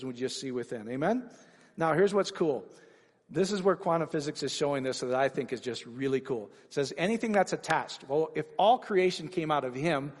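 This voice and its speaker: Male preacher, animated sermon delivery, slightly high voice, reverberant church hall. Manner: animated, rising to excited shouts.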